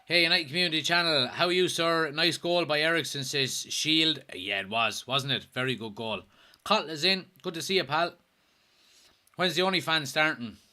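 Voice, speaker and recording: Bright-voiced Irish man hosting a stream. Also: a little high, normal speed. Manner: jokey, swears, reads viewer comments aloud. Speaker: host. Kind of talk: casual livestream watchalong chat.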